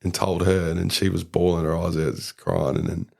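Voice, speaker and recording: A young Australian man tells a story in a casual podcast chat. His voice sits very low and carries a gravelly fry. He rambles from thought to thought and leans on fillers. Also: steady tone, brisk, darkish tone. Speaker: podcast guest, rugby league player.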